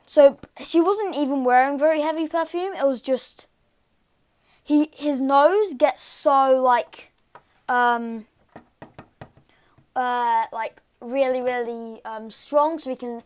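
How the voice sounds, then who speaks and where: A woman casually retelling a fan story in a rambling, halting way, full of fillers and restarts. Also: high voice.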